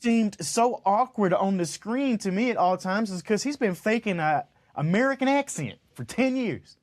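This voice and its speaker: With a high voice at a moderate pace, a man co-hosts a laid-back podcast while congested. He's animated, rambling and full of jokes, and he lives in Utah after a stint in Los Angeles.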